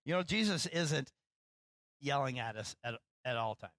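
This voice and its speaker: A man, a pastor, preaching a sermon in a relaxed, conversational way, acting out lines with rising animation and poking fun at himself. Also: mid-range voice, normal speed, no room sound, low-quality recording. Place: church.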